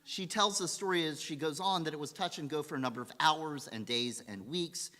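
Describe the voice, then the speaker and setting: Man, rabbi, storytelling sermon, bright voice, long echo of a synagogue hall. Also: on the high side, a little fast. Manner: animated storyteller acting out quotes. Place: synagogue sanctuary.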